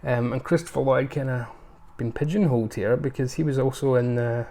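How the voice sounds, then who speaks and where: A man talks through his latest film purchases in a loose, rambling way, full of ums and self-corrections. His voice has a gravelly, creaky edge at a mid-range pitch. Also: fairly quick, mellow. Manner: rambling, with many ums and restarts. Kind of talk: casual unscripted haul review.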